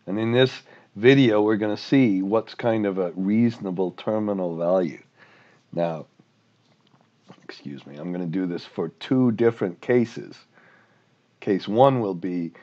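Brief: casual male lecturer, somewhat low voice, muffled homemade audio. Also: darkish tone. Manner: rambling, self-deprecating. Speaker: finance instructor. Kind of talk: informal recorded lecture.

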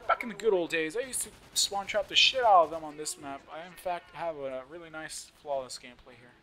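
A young man with a slight lisp giving casual, joking live commentary over his own shooter gameplay, swearing often and yelling at other players. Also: fairly high pitch, fairly quick. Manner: joking, swears often, yells at opponents and teammates.

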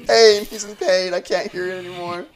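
A young man streaming a game, excitable and swearing, shouting orders to his teammate. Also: sits high, moderate pace, a crowd in the background. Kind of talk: live gameplay commentary. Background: background music.

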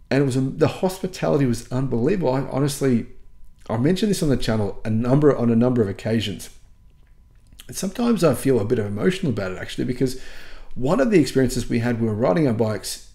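A man's voice: medium pitch, mellow. A man with an Australian accent, a channel host casually telling earnest, rambling travel stories to his viewers. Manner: earnest, rambling anecdotes with frequent restarts. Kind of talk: casual vlog storytelling.

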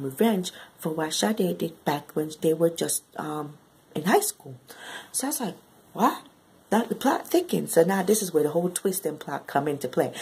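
Husky low-voiced woman recapping a book. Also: darkish tone, rough recording. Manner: chatty, slangy retelling with frequent "right?"; exclaims in sudden high bursts. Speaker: book reviewer.

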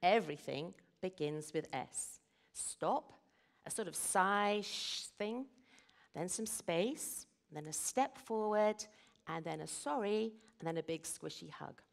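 Une femme qui joue un petit garçon anglais colérique et inquiet, à la voix haute et suppliante, dans une histoire pour enfants. Le ton monte, vif et tendu. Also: female voice, expressive, takes it slowly, creaky, exaggerated voice. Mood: thoughtful. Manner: high, fretful, pleading child voice. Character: anxious little boy, quick to anger.

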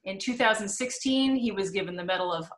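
A woman's voice: mid-range voice, a little fast. A woman hosting a virtual museum lecture over a video call, introducing the speaker with many ums and restarts. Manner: friendly, with many fillers. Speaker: museum event host.

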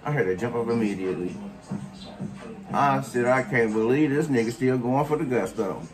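Dude cussing out somebody in a vlog rant, mocking slangy talk, little music under it. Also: male voice, medium pitch, moderate pace. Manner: scolding, mocking, heavy slang and cursing. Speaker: commentary vlogger. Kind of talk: profane reaction rant.

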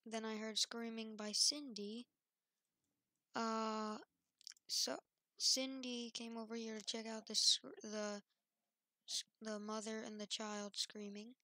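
A woman acting out a casual game role-play in a slightly high, gravelly voice. She speaks slowly and haltingly, often pausing on fillers. The sound is dry and close. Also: bright, forceful tone, dry recording. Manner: hesitant, halting, full of fillers. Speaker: role-play channel host.

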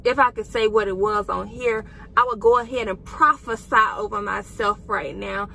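A woman's voice: medium pitch, fairly even intonation, normal speed, vocal fry, sharp tone, slight background noise, rough recording. A young woman vlogging from a parked car, giving an emotional, faith-filled pep talk and calling her viewers "y'all" and "girl". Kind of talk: casual encouraging vlog talk.

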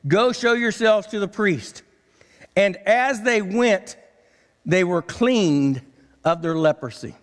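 A man delivers a sermon from the pulpit, his voice pitched high. He preaches dramatically, dropping low and then rising to ringing cries. Long reverb from the church sanctuary hangs after each phrase. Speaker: pastor.

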